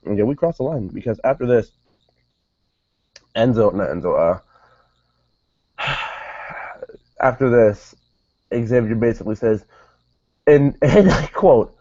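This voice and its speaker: Casual male reviewer, mellow tone, digressive delivery, dull lo-fi sound. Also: mid-range voice, expressive, normal speed, long pauses, dry recording. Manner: rambling, digressive, self-correcting. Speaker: wrestling show reviewer. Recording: dull lo-fi dry recording.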